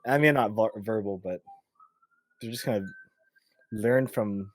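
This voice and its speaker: A man hosting a podcast in casual chat, playful and animated, acting out little voices. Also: fairly low pitch, measured pace, no echo. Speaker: podcast host.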